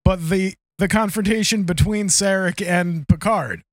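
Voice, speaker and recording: A man co-hosting a casual podcast chat, telling animated anecdotes and breaking into laughter. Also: high voice, a little slow, no room sound. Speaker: podcast co-host.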